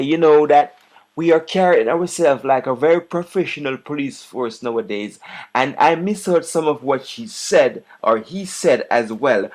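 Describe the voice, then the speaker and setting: Jamaican man mocking a news clip. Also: mid-range voice. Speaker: online commentator. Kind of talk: casual commentary on a news clip.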